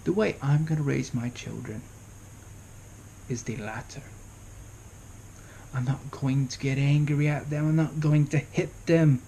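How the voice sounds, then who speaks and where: A man's voice: mid-range voice, steady tone, unhurried, creaky, long pauses, dark tone, a little hiss or hum. A young man in his early twenties talking casually to camera, giving parenting advice and asking rhetorical questions. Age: young adult. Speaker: vlogger.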